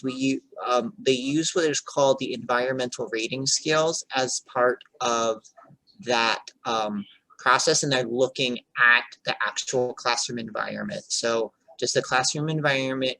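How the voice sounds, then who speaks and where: A man, a childcare director, giving an earnest, explanatory online workshop over a video call and pausing to check for questions. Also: medium pitch, fairly even intonation, bright, forceful tone, no echo, low-quality recording.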